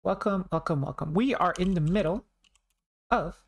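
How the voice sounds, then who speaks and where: A woman's voice: fairly low pitch, normal speed, breathy edge. A young woman streamer chatting casually and joking with her viewers while playing, often repeating herself.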